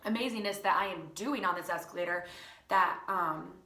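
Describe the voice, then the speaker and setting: A woman teacher telling a personal story in a casual, animated way, full of fillers and laughter. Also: on the low side, moderate pace, reverberant. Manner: animated, lots of fillers, laughing through the tale. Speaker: teacher and channel host.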